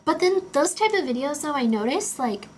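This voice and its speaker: A woman's voice: sits high, lively intonation, moderate pace, slight background noise. A young woman livestreaming casually, rambling and chatty with lots of filler words while she builds a Lego set and answers chat. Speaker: streamer.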